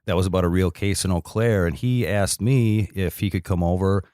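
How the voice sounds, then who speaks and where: Deep-voiced, slow Wisconsin man. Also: warm tone, no room sound, studio quality. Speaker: actor, guest. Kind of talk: casual podcast chat.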